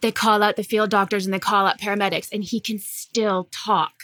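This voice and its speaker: Bright eager woman recapping an episode, dry close mic. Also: medium pitch, level tone, a little fast, dry recording. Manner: enthusiastic, recapping scenes. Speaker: podcast co-host. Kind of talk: casual chat.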